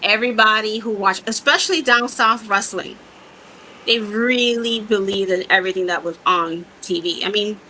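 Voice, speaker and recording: A woman's voice: medium pitch, normal speed, pushed and bright, slight background noise, rough recording. A woman in her thirties co-hosting a casual chat, emphatic and insistent, often repeating her points. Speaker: podcast co-host.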